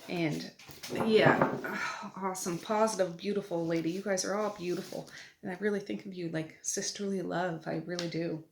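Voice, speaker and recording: A middle-aged woman chatting casually while she opens mail at home, with soft laughs between remarks. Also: lowish voice, steady tone, moderate pace, gravelly. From Nova Scotia, Canada. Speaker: vlogger. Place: family home at night. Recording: echoey room, audible background noise.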